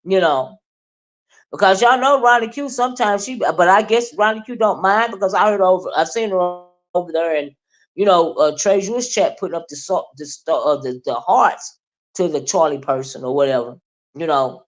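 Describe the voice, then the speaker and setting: A woman's voice: lowish voice, moderate pace. A woman streamer giving a casual, meandering commentary monologue, full of fillers and restarts. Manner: chatty, meandering, with many fillers; loud mocking imitations, laughing.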